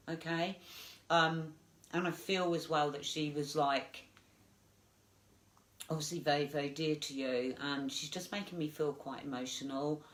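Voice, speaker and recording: A woman medium giving a live psychic reading, gentle and reassuring, halting with many fillers. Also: low voice. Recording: echoey room.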